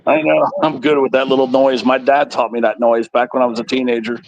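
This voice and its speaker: A man's voice: mid-range voice, little pitch movement, a little fast, gravelly, dry recording, highs cut off. A man in a casual stream chat, easygoing and full of practical advice. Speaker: guest on a stream.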